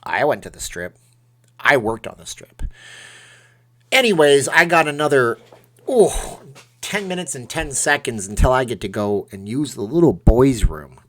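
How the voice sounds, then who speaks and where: A man's voice: mid-range voice, very animated, a little slow, a bit bright. Chatty man hosting a live stream. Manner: chatty, thanks donors by name, rambling asides. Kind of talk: casual live stream chat.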